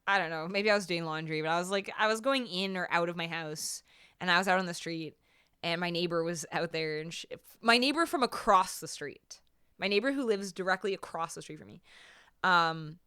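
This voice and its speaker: Young woman, livestream singer-host, casual chat at her desk mic. Bright, smooth tone; chatty, repeats lines. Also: lowish voice. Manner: chatty, repeats phrases, quick laughs. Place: home room with foam sound panels.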